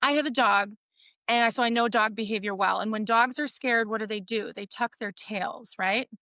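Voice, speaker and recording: A woman with a bright, ringing, somewhat high voice talks as a physical therapist guest on a podcast. She tells stories in a loose, animated way and keeps checking in with "right?" The sound is dry and close, with no room around it. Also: normal speed, no echo. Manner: animated storytelling, frequent "like" and "right?". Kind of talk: casual interview chat.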